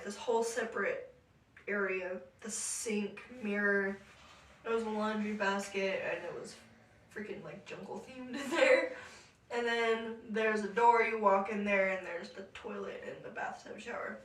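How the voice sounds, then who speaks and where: A young woman co-hosting a podcast, telling a story in a casual, animated way, laughing often and acting out what people said. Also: medium pitch, distant mic. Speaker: podcast co-host. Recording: echoey room, voice off-mic.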